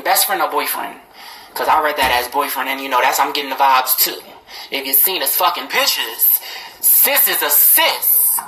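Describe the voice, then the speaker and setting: Bright, blunt man in an echoey room. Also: mid-range voice, expressive, moderate pace, a little hiss or hum. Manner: blunt, profane and emphatic, voice jumps when indignant. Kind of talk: casual live-stream talk to viewers. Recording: roomy echo.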